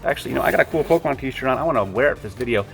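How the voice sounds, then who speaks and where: A man's voice: medium pitch, expressive, rapid-fire, gravelly, soft background music. A man talks casually to camera in a mid-range voice. He rambles and drifts into tangents. He stops to correct himself and swears now and then without much weight. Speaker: video creator.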